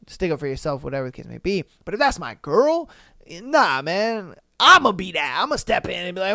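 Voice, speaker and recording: A man's voice: sits high, clean tone, no echo, clean studio sound. A man hosting a podcast in casual chat, reacting to listener comments in a blunt, profane way. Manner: blunt, profane, keeps asking "you know what I mean". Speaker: podcast host.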